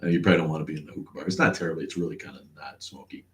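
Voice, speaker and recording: A man's voice: very deep voice, fairly even intonation, rapid-fire, a little hiss or hum. A man hosting a casual livestream, rambling, laughing often and greeting the chat. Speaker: livestream host.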